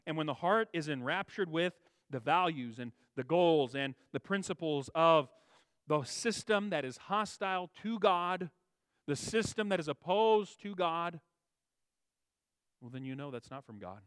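A man preaching a sermon, stressing key words with a raised voice and dropping to quiet low asides, restating phrases for emphasis. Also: animated, measured pace, clean tone, dry recording. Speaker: pastor.

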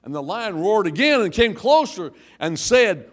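A man preaching a sermon as pastor, telling jokes and stories in a lively way. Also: high voice, a little slow.

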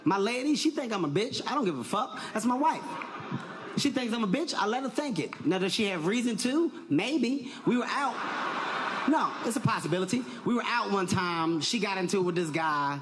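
A man doing a stand-up comedy set, loud and animated, often shouting his punchlines. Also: sits high, moderate pace, background noise.

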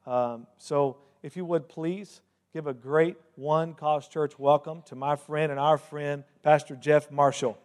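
A man's voice: a little high, fairly even intonation, unhurried, a little mellow. Chatty man introducing a guest pastor. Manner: chatty, with many fillers. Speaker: host pastor.

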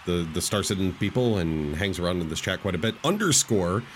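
Low-voiced joking man co-host. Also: animated, fairly quick, a little hiss or hum. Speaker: podcast co-host. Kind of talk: casual chat.

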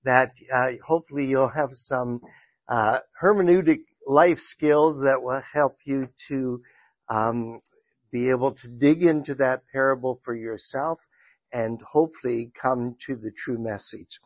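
A man's voice: mid-range voice, a little slow, no echo, muffled recording. A man teaching a Sunday school class, talking conversationally with fillers, then reading scripture aloud and praying. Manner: conversational with frequent fillers and restarts. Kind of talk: church lesson with scripture reading and prayer. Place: church classroom.

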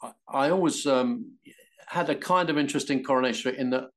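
An older English man, an actor guest in an anecdotal interview, shares animated career stories at a slightly fast pace. With a mid-range voice, he mimics quoted voices and laughs a lot.

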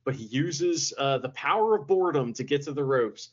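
A man's voice: a little high, animated, slight background noise. A man co-hosting a wrestling podcast, giving a wry, amused match recap. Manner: wry, laughs at the action, quick recap. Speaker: podcast co-host. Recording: dull lo-fi audio.

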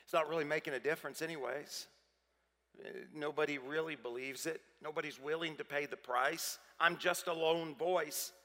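A weary prophet ready to give up, as a man acts him out in a sermon, lamenting in a plain, conversational tone. The voice is high for a man and bright. A long hall reverb trails behind. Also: moderate pace. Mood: despairing. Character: weary, discouraged male prophet on the verge of quitting.

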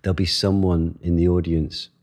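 A man, an actor, giving thoughtful, expressive answers in an interview, speaking in quick bursts between pauses. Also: low voice. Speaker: actor and guest.

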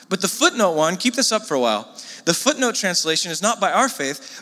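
A man's voice: high voice, sing-song, fairly quick, pushed and bright. A man preaching a sermon to a congregation, talking to them in a casual way with frequent asides. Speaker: pastor. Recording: long hall reverb.

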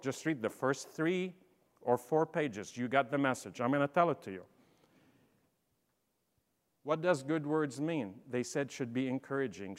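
A middle-aged man giving a motivational leadership talk, telling stories and swinging from quiet asides to loud, emphatic bursts. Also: mid-range voice. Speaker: speaker. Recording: long hall reverb.

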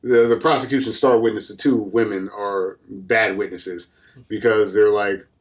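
A man's voice: fairly low pitch, fairly even intonation. Podcast co-host, male, casual rambling recap, keeps slipping into bits. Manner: rambling, acts out characters in quick voices. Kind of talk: casual movie recap chat.

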